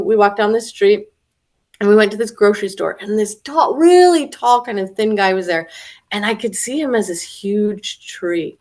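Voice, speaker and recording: A woman hosting a casual spiritual conversation, telling stories with lively, acted-out quotes. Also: mid-range voice. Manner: animated storyteller, acts out quoted voices. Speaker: podcast host.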